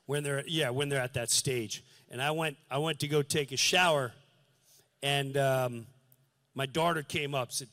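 A male comedian on a live stage, telling a story with earnest, preachy passion and acting out scenes with sudden shouts. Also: mid-range voice, fairly even intonation, unhurried. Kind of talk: stand-up comedy.

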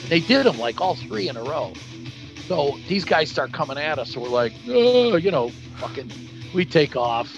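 A middle-aged man tells a story in a gravelly, easygoing voice. He acts out his friends' lines with plenty of swearing. Faint music plays underneath. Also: a little high, normal speed, dull audio. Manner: animated, acts out quotes with swearing. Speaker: guest storyteller. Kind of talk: casual storytelling.

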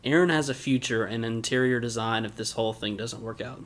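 A man's voice: mid-range voice, fairly quick, a bit bright. A man co-hosting a podcast, chatting casually about an anime and tossing in dry, sarcastic remarks. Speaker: podcast co-host. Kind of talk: casual anime recap chat.

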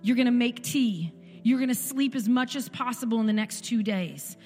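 In an echoey church sanctuary with music behind her, a woman in her forties delivers an emphatic sermon testimony as a guest speaker. Her voice is fairly high and darkish in tone, moving at a moderate pace, and she repeats phrases for effect.

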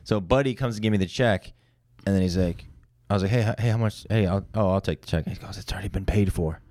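A man's voice: low voice, fast, darkish tone, dry recording, clean studio sound. A man in his thirties on a casual podcast, telling rambling stories with a lot of swearing. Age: 30s. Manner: rambling storytelling, heavy swearing. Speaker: podcast co-host.

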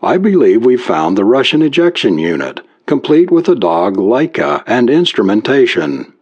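A man voicing a tense young man on a boat who is trying hard to sound calm and steady. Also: mid-range voice, moderate pace, slightly rough. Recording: muffled lo-fi recording.

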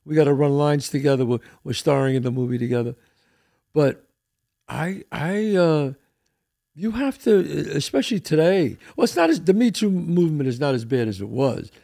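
A man's voice: fairly high pitch, moderate pace, creaky. An older man hosting a podcast, chatting casually and telling stories in a streetwise, old-school way, often repeating his words. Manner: animated storyteller, repeats words, street-wise. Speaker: podcast host. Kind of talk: casual chat.

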